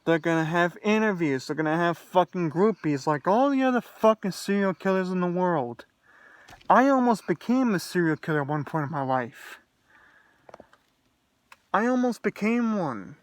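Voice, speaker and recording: Young male vlogger, heated profane rant, voice on the high side, dry close sound. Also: lively intonation, normal speed, no echo. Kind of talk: angry solo rant to camera.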